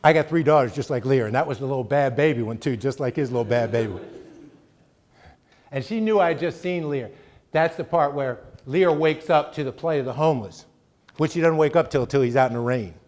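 A guest lecturer, middle-aged, talks fairly quickly in a mid-range, slightly mellow voice. His college lecture is conversational and emphatic, with frequent "right?" check-ins with the audience.

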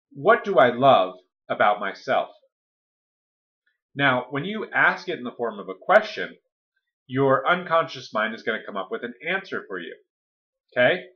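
Man, middle-range voice, casual motivational talk, conversational, muffled lo-fi audio. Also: mid-range voice. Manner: conversational, often checks in with "okay?" and "right?". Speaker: weight-loss coach.

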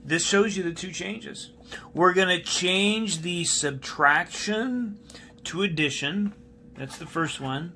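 A man's voice: sits high, takes it slowly, pushed and bright. A male math teacher giving a recorded classroom lesson, patiently repeating key steps and asking students questions while he writes on a board.

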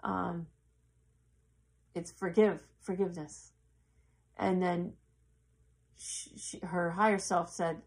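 Gravelly-voiced woman telling a story. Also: lowish voice, steady tone, darkish tone. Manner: halting, earnest, acts out quoted voices. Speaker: yoga teacher. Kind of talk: casual spoken storytelling.

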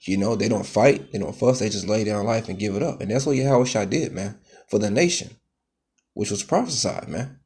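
Husky low-voiced man preaching scripture. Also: a little fast. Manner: repeats "man" and "okay" constantly, stumbling restarts; grows loud and heated, pitch rising sharply. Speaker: street preacher. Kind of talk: scripture teaching sermon.

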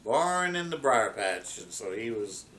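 Slow, deliberate male preacher. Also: medium pitch, very animated, a bit bright. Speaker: pastor. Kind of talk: sermon with storytelling.

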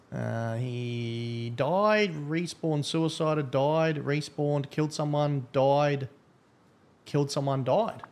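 A man giving casual, profane, rambling live-stream commentary as a game streamer. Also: fairly high pitch.

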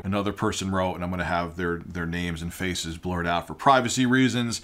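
A man's voice: low-pitched, a little fast, few pauses, a bit bright. Heated male commentator ranting. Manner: indignant, heated, rhetorical questions. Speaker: online commentator.

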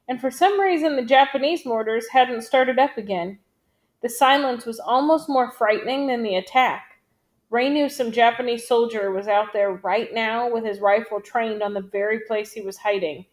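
A woman reading a novel aloud in a steady, measured storytelling manner. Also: a little high. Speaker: audiobook reader.

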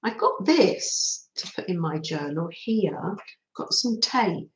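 A woman's voice: lowish voice, expressive, takes it slowly, reverberant, slight background noise, poor audio. A middle-aged woman, hosting a chatty live craft stream and greeting her viewers cheerfully. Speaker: craft livestream host.

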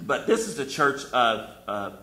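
A man preaches in an easy, conversational way. He repeats short refrains and acts out prayers in his own voice. His voice is bright and sharp, and the church room echoes around him. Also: medium pitch, very animated, unhurried. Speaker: pastor. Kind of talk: sermon. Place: church sanctuary.

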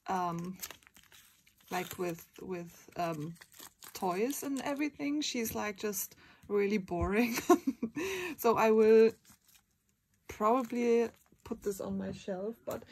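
A young woman in a casual unboxing vlog, gushing, giggling and often squealing in excitement. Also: mid-range voice, slow pace, long pauses. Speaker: vlogger. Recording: crinkling packaging noise behind. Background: bubble wrap and packaging crinkles.

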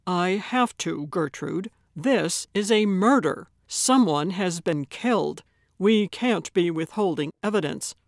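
A woman's voice: fairly low pitch, animated, takes it slowly, dry recording, studio quality. A woman narrator voicing an earnest, principled man who speaks in a pleading, sincere way.

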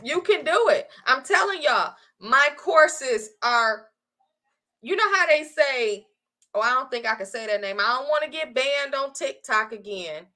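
A woman selling her online design course in casual live-stream chat, animated and chatty, often calling her viewers y'all. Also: high-pitched, measured pace.

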